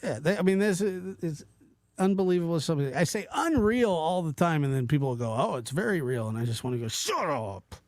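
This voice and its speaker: A man hosting a casual livestream talks straight to his chat in a loose, rambling way. His pitch jumps around with lively animation, and he often breaks off mid-thought and restarts. The sound is dry and close, with no room around it. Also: quick pace, dry recording. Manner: animated, rambling, self-interrupting, mimics voices in quotes. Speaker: livestream host reading chat.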